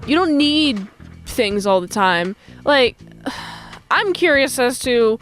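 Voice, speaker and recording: A woman with a high voice chats through an episode recap, loose and animated. She keeps jumping into goofy imitations of the characters. Faint music sits quietly under her voice. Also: slow pace. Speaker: episode reviewer. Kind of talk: casual recap with acted-out quotes.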